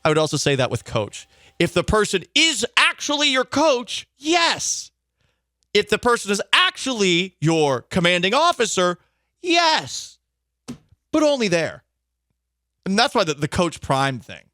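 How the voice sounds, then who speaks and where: A man hosting a sports radio show, talking in a bright, forceful voice with wry, opinionated jokes. The sound is dry and close, like a studio mic in a small booth. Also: sits high, huge pitch swings, a little slow, no echo. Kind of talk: casual sports talk radio.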